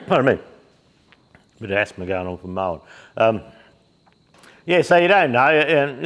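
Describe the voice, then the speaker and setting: Casual Australian bloke, middle-aged, shop owner rambling to camera in his shed; blokey, loose, plenty of fillers. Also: lowish voice. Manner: rambling and blokey, with filler words, laughs and mild swearing. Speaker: shop owner and YouTube host. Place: workshop shed.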